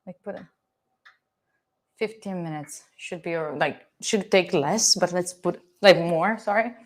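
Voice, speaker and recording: On the low side and a little slow, this young woman's voice carries an Italian accent as she cooks in her home kitchen and chats with her stream. She teases her viewers playfully and swears freely.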